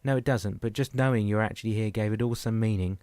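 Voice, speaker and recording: A man reading an audiobook, voicing an impulsive, jovial young husband who blurts and shouts. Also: on the low side, fairly even intonation, fast, no room sound, natural voice. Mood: agitated. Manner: loud, blurting.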